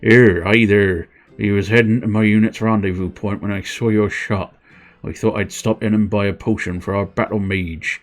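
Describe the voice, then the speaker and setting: A man's voice: lowish voice, fairly even intonation, moderate pace, soft background music, lightly acted. A man voicing a polite soldier who is asking a shopkeeper for a potion in a game. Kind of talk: reading game dialogue aloud.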